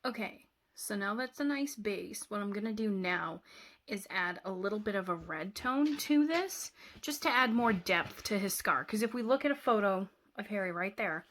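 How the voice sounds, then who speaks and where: A woman's voice: medium pitch, animated, normal speed, fairly bright tone, a little hiss or hum. Chatty woman doing a makeup tutorial. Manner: chatty, rambling, self-teasing. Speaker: makeup vlogger.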